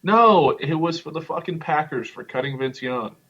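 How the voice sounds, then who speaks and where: A man's voice: fairly high pitch, animated, moderate pace, pushed and bright, slightly rough. A young man co-hosting a podcast, joking and arguing in a teasing, casual way. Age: young adult. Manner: teasing, argumentative. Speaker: podcast co-host. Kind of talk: casual chat. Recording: dull lo-fi podcast audio.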